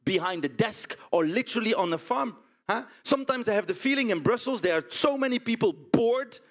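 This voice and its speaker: Man as a pig farmer, Dutch accent, blunt, keyed-up, high for a man, stage monologue. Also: a little fast. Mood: indignant. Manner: blunt, animated storytelling with frequent "huh?" and "right?" tags. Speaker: stage performer. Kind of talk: theatrical monologue.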